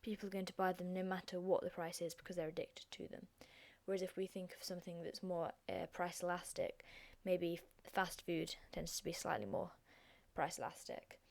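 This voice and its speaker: A young woman with a croaky, hoarse voice, hosting a chatty, self-deprecating revision lesson. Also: fairly low pitch, moderate pace, hardly any pauses. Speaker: revision video host.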